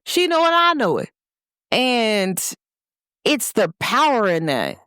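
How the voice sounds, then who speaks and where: A young woman hosts her own show, talking her listeners through a casual pep talk. Her voice sits a little high and swings widely in pitch as she leans on her points. The sound is dry and close. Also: huge pitch swings, slow, fairly bright tone, no room sound. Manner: emphatic, talks straight to listeners. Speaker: host. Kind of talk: casual motivational monologue.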